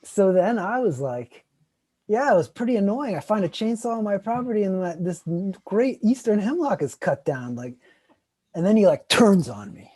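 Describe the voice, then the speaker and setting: A man co-hosting a casual chat, telling a story animatedly and acting out other people's lines loudly. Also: high-pitched, big pitch swings, normal speed, slightly rough, no echo. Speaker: co-host.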